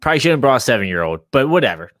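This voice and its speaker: A man's voice: medium pitch, big pitch swings, a bit bright, no room sound. Laid-back man, dry close sound. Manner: laid-back, halting with restarts. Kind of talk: casual chat.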